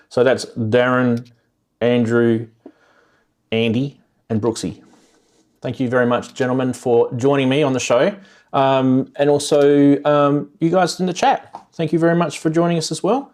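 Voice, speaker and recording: A chatty man hosts a casual live stream, rambling along and breaking into laughs. He talks at an ordinary pace in a middle-pitched voice. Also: measured pace, darkish tone. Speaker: host.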